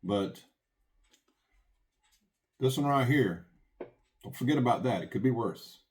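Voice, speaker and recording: A man's voice: mid-range voice, expressive, slow, a little mellow. A man hosting a prepping channel, giving earnest, folksy commentary and reading scripture aloud.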